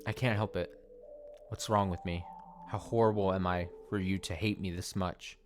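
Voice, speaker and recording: A man reading aloud the lines of a heartbroken young woman from a game, in his own low voice with little acting. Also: fairly even intonation, moderate pace, soft background music, lightly acted. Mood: pleading.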